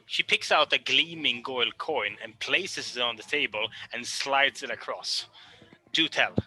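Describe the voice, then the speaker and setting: A man narrating as game master of a tabletop game, lively and animated. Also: mid-range voice, measured pace, breathy edge, low-quality recording.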